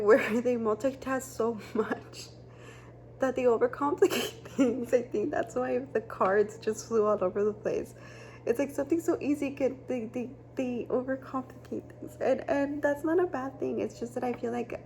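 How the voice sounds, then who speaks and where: A woman's voice: a little high, a little mellow, slight background noise. A woman giving a casual tarot reading, rambling and chatty with many fillers and restarts. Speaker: tarot reader.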